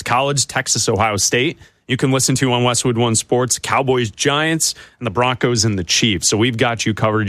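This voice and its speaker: A man's voice: medium pitch, a bit bright, dry recording. A man hosting a sports radio show, breaking down games with playful banter. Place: radio studio. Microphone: studio mic.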